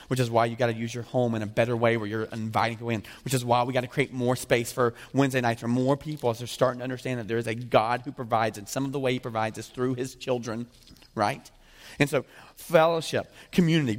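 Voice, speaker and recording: A man preaching a sermon as a pastor, emphatic, acting out imagined speakers and swinging between loud and hushed. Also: mid-range voice. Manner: emphatic, voices imagined speakers, rising and falling intensity. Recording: reverberant hall.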